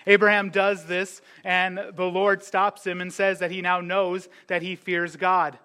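A man's voice: high-pitched, pushed and bright. A young man preaching a sermon in an earnest, conversational way, often restarting his sentences. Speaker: pastor.

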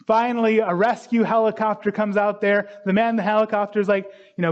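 A man preaches in a loose, conversational way and slips into character voices when he tells a story. His voice sits a little high, and the recording has a muffled, lo-fi sound. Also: little pitch movement, fast talker. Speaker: pastor. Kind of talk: sermon. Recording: dull lo-fi sound.

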